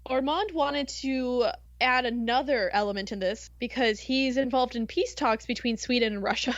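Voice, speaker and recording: An American woman hosting a podcast, telling history in a casual, giggly, animated way with playful asides. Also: a little high, normal speed, few pauses, no room sound, lo-fi sound. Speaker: podcast host.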